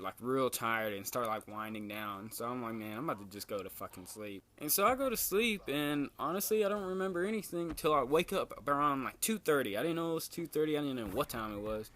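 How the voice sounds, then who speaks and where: A young man is telling a story from his school days. His pitch is average, and he speaks in a loose, slangy way that is full of swearing. He keeps the story going with lots of filler words, and his voice leaps up when he acts out quoted lines. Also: fairly bright tone. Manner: laid-back slangy storytelling, swears a lot, jumps high for quoted lines. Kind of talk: casual storytelling.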